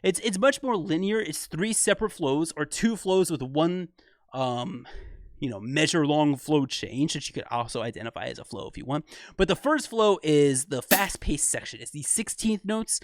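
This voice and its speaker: A young man hosting a music reaction channel, casually breaking down rap rhythms with excitement, laughing often and correcting himself as he goes. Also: a little high, moderate pace, no room sound.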